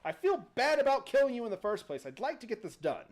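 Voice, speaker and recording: A man's voice: very high voice, sing-song, fast. A man doing an exasperated ancient genie. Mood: impatient. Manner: put-upon, apologetic yet murderous.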